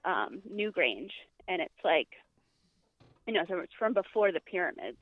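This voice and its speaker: A woman's voice: fairly low pitch, big pitch swings, moderate pace, no room sound. A woman guest chatting casually on a podcast, talking in loose bursts with many fillers and restarts. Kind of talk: casual chat. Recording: tinny phone-line audio.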